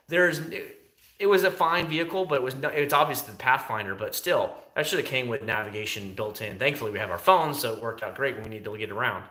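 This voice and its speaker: A man chats through a casual livestream, animated and talkative as he answers viewers' questions. His voice is bright and forward. The sound has a noticeable echo around it. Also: mid-range voice, brisk. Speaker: livestream host.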